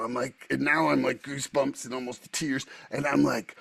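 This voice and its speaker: A man co-hosting a recovery podcast, telling a personal story in an awed, animated way with fillers. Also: medium pitch, moderate pace, creaky, husky, no echo. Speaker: podcast co-host. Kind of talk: casual storytelling in podcast chat.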